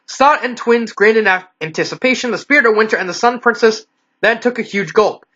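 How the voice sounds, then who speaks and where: Bright, casual, self-correcting story reader. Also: medium pitch, fairly quick, muffled recording. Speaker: fan fiction reader. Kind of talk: story reading.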